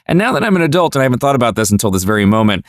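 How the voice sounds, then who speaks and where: A man's voice: mid-range voice, racing, no room sound. A man in casual podcast chat, his voice sitting in a middle register. He tells stories animatedly, jumping into quoted voices. The recording is dry and close. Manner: animated storyteller, acts out quotes. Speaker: podcast panelist.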